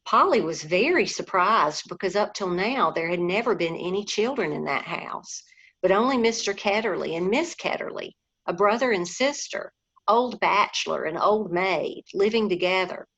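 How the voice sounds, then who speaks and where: A woman reading a storybook aloud, gently, sometimes talking to the listeners directly. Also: mid-range voice, expressive, moderate pace, slightly rough. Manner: gentle, addresses listeners as guys. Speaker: reader. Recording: dull lo-fi recording.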